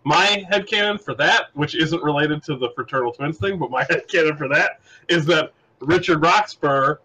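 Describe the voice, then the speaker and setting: A man's voice: on the high side, moderate pace, pushed and bright, slightly rough, rough recording. A man who is a guest on a podcast, joking loosely and chuckling as he talks about a movie. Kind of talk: casual movie review chat.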